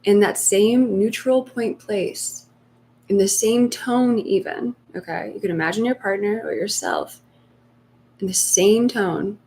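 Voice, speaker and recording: A woman giving spiritual coaching on a live stream, speaking softly and slowly and sometimes voicing inner fears in a hushed tone. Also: medium pitch, slight background noise. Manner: soft, slow and reflective, acting out inner voices in hushed tones. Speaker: meditation coach.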